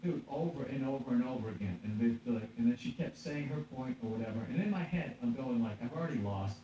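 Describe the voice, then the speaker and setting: A man's voice: mid-range voice, lively intonation, fast talker, dark tone. A man, a stand-up comedian, telling a story in casual podcast chat, cursing freely, laughing and acting out the voices of the people he quotes. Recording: echoey, distant, dull with faint hum.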